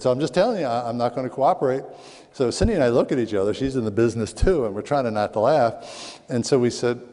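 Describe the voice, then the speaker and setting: A middle-aged man from Southwest Philadelphia, a speaker on parenting, telling lively stories to an audience and acting out voices in quotes. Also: mid-range voice. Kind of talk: storytelling talk to an audience. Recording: long hall reverb.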